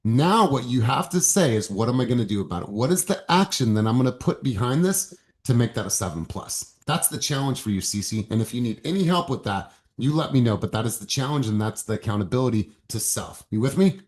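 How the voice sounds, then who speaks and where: A man's voice: mid-range voice, sing-song, brisk, few pauses, a little mellow. A man leading a group coaching session, upbeat and encouraging, calling on participants by name. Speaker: sales coach.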